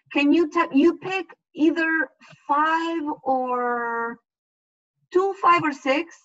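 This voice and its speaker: A woman whose first language is Spanish leads an online class, talking at a slow, careful pace. She explains patiently and keeps checking that her students follow. The audio is dull and lo-fi, typical of a video call. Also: high-pitched, a bit bright. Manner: patient, explains slowly and checks understanding often. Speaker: Spanish teacher.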